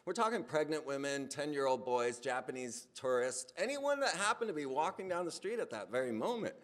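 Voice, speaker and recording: A man speaking in a casual, animated monologue, his voice climbing higher and louder when he gets worked up. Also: brisk. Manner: animated storytelling, voice rising when excited. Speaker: speaker on a hypnosis channel.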